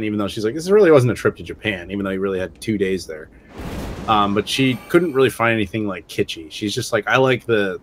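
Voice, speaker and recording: A man's voice: fairly low pitch, a little hiss or hum. A man chatting casually on a stream, telling rambling stories with many fillers. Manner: relaxed, rambling storyteller with frequent fillers. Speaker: show regular. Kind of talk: casual chat during a game stream.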